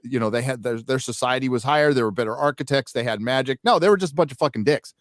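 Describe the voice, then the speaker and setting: A man's voice: medium pitch, fast, no echo, clean studio sound. Rambling, swearing podcast man. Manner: profane, rambling, animated storytelling. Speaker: show co-host. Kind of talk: casual podcast chat.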